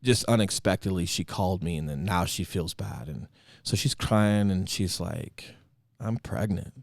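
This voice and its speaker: A young man hosting a podcast, telling a personal story in casual chat and acting out the quotes of others with a put-on high voice. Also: normal speed, no echo, studio quality. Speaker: podcast host.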